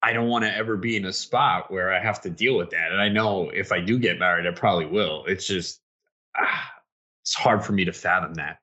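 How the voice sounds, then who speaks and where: Radio host, lower male voice with a bright edge, blunt offhand casual chat. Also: brisk, muffled recording.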